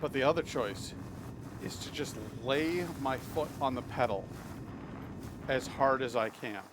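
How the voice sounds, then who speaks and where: A man's voice: medium pitch, measured pace, noisy background. A man streaming a video game live, telling rambling anecdotes and swearing freely at the game. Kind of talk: live gameplay commentary and storytelling.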